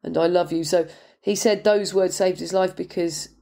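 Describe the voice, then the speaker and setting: A woman co-hosting a book podcast, talking in an animated, emphatic way. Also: on the low side, moderate pace. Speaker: podcast co-host. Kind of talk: casual book-discussion chat.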